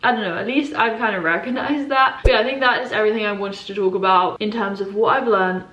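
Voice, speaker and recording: A woman's voice: mid-range voice, fairly even intonation, fast, fairly bright tone, reverberant, dull audio. A young woman in her twenties chatting casually to camera as a vlogger, rambling with many fillers. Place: indoors at home.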